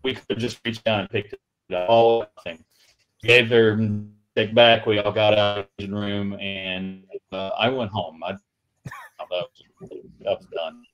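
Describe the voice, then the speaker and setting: A man with a fairly low voice tells a long story over a livestream video call. He rambles, stops and restarts often. His feed breaks up now and then. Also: steady tone, fairly bright tone, dull audio. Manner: rambling, halting anecdote with many restarts.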